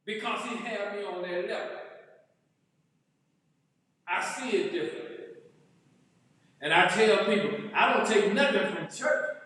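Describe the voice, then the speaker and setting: High, bright-voiced preaching man in a hall. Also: moderate pace. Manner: preaching with rising, shouted emphasis. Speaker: pastor. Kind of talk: sermon. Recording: echoey hall, far from the mic.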